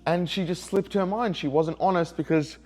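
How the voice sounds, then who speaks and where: A man's voice: high voice, fairly even intonation, normal speed, a little mellow. An upset man, telling a rambling personal story in a video diary and repeating himself when hurt. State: emotionally upset. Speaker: vlogger.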